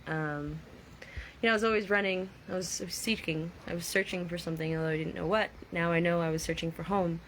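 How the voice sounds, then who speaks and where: Woman vlogger, lower register, casual and reflective, chats with her audience, faint background noise. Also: fairly even intonation, fast talker. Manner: chatty, reflective, reads viewer names aloud. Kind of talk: casual live-stream chat.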